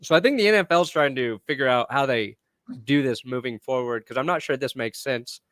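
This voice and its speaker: A man's voice: medium pitch, brisk, a bit bright, no room sound. A young man co-hosting a sports podcast, playful and self-mocking in casual chat. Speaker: podcast co-host.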